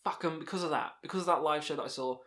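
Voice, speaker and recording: A man's voice: fairly high pitch, racing, a bit bright. Sweary young man telling stories. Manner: sweary, rambling, laughs at himself. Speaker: channel host telling stories. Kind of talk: casual storytelling monologue.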